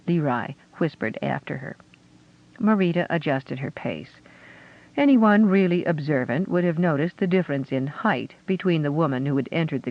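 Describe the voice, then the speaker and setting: A man narrating a fantasy audiobook with a steady storytelling delivery. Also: a little high. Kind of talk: scripted narration. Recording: dull lo-fi audio.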